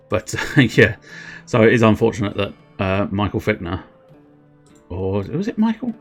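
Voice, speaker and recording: A man streaming a game, chatting in a rambling, giggly way with lots of restarts. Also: low-pitched. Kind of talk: casual gameplay commentary.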